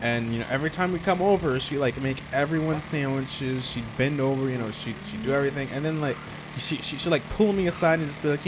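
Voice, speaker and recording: A young man telling a rambling personal story in casual chat, full of restarts and flaring up loud when annoyed. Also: medium pitch, quick pace, background noise. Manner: rambling with many restarts, gets worked up and loud. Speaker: podcast host telling a story.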